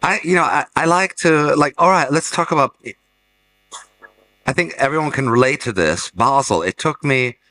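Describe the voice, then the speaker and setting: A middle-aged man who works as a gallerist and fair director speaks at normal speed with a fairly high, sharp voice, captured in poor audio. In a casual panel setting he tells meandering stories and keeps restarting his sentences.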